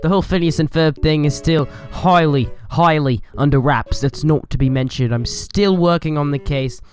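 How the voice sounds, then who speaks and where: A man's voice: fairly high pitch, normal speed, faint music behind. A man hosting a casual podcast, answering listener call-ins in a playful, rambling, mock-serious way. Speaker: podcast host.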